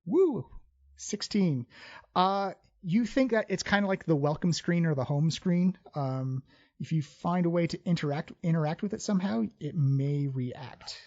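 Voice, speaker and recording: A man's voice: a little high, animated, unhurried, a little mellow, muffled recording. A man narrating a tabletop game as game master in a loose, filler-heavy way.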